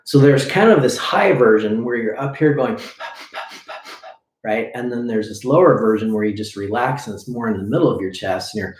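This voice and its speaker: A man's voice: medium pitch, animated, moderate pace. A man as a breathing coach teaching a live lesson, demonstrating drills as he explains and often checking in with "okay?". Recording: echoey room.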